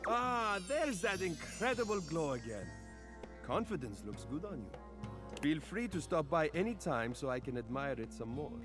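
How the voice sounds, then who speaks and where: A man voicing a smooth, flattering mirror figure who coaxes the listener gently, in a video game. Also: a little high, normal speed, over music. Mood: admiring. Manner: soothing, flattering, gently probing.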